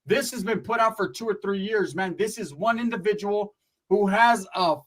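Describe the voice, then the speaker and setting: A man's voice: sits high, moderate pace, a bit bright, poor audio. A young man from Northern California ranting bluntly and profanely on his channel, tagging lines with "right?" and "bro". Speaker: YouTuber. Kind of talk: livestream rant.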